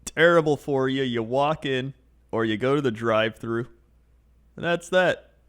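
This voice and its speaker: A man with a mid-range voice tells everyday anecdotes in a relaxed podcast chat. He slips into quick impressions of the people in his stories. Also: medium pitch, clear, resonant tone. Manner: storytelling, mimicking people he describes. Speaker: podcast co-host. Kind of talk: casual chat.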